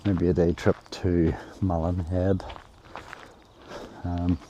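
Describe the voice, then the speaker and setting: A man's voice: sits low, flat delivery, takes it slowly, mellow, slight background noise. A man vlogging casually while walking uphill through a forest, rambling with lots of fillers and a bit out of breath. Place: outdoors in a forest on a hill.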